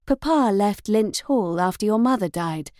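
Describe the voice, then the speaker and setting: A woman's voice: mid-range voice, lively intonation, moderate pace, darkish tone, no echo, studio quality, close to an everyday voice. A woman reading the lines of a proud young governess, speaking demurely and coolly in a storybook reading. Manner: demure and cool.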